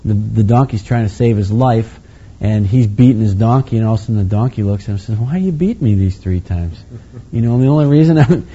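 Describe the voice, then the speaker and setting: A man's voice: mid-range voice, dark tone, slightly rough. A man preaching a conversational sermon in a casual, folksy way, with many asides and restarts. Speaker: pastor. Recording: slightly muffled lo-fi recording.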